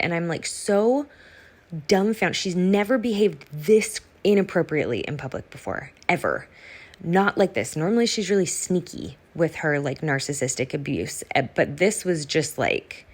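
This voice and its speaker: A woman's voice: low voice, expressive, moderate pace. A young adult woman, a podcast guest, telling a personal story candidly with many "like" fillers.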